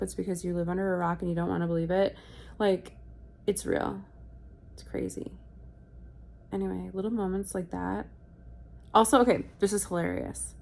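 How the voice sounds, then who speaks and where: A woman's voice: medium pitch, gravelly, a little mellow. A young woman, sick with a virus, telling stories in a casual vlog from bed, chatty and swearing, quoting people as she goes. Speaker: vlogger. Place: hotel room, in bed.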